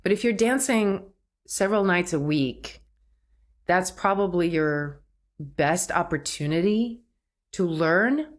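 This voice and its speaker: A woman's voice: on the low side, lively intonation, slow. A woman hosting a solo podcast, talking reflectively, laughing at herself and acting out quoted thoughts. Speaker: podcast host.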